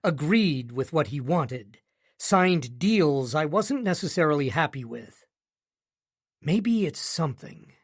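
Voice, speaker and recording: A man's voice: fairly high pitch, lively intonation, a little slow. A man narrating a romance audiobook in the first person with a wry, sardonic delivery.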